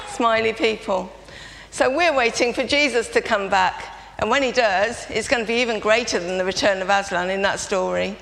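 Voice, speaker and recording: Woman leading a family-service children's talk in a reverberant church, slight fry, coaxing congregation participation. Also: mid-range voice, moderate pace, few pauses. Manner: lively, prompting audience participation. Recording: reverberant church, faint background noise.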